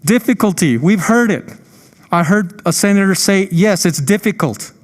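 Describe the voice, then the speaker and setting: High-pitched male senator, fervent and emotional, long reverb of a chamber. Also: animated, normal speed. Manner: passionate, emotional, rhetorical. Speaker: state senator. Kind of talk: impassioned floor speech.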